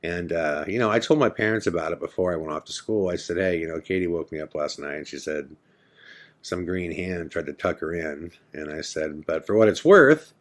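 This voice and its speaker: A man's voice: sits low, a little fast. A man hosting a podcast, telling a personal ghost story casually and acting out the dialogue. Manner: casual storytelling, acts out quoted dialogue, frequent "I'm like". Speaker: podcast host.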